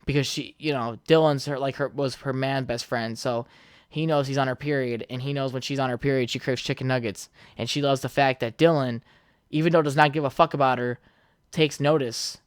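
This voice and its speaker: A man's voice: mid-range voice, fairly even intonation, brisk, clean tone, no room sound, clean studio sound. A young man hosting his own podcast alone, rambling casually, swearing a lot and laughing at his own jokes. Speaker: podcast host. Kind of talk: casual solo podcast chat.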